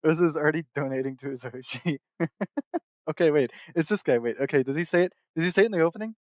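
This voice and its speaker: A man chatting casually on a stream, excitable and rambling, laughing often. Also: a little high, fast talker, no room sound.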